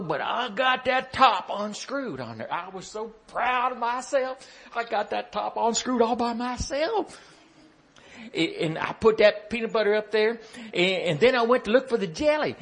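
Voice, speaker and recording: A man's voice: high voice, slightly rough. A man telling a folksy, playful story and chatting with his listeners with questions.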